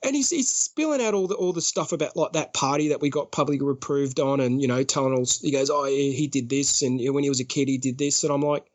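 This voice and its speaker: An Australian man talks casually as a podcast guest, at a mid pitch, and tells his story with energy. He acts out other people's lines in quick bursts and laughs often.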